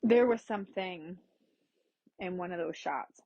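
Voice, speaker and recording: A woman's voice: on the low side, a little slow, dry recording, lo-fi sound. A woman hosting her own podcast, candidly telling a personal story in a frank, casual way that includes swearing. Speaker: podcast host.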